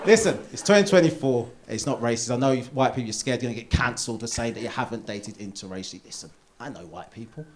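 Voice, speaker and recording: A man doing a live stand-up set in a theatre, animated and jumping into high put-on voices for characters. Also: fast talker, hardly any pauses. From Essex, England. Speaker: stand-up comedian. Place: theatre stage. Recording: live theatre recording with audience noise.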